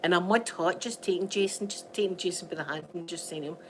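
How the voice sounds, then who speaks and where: A woman's voice: lowish voice, fast talker, few pauses, a little hiss or hum, low-quality recording. A Scottish woman from Scotland, chatting casually to viewers from home, telling rambling stories and laughing often. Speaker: vlogger. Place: at home by a window.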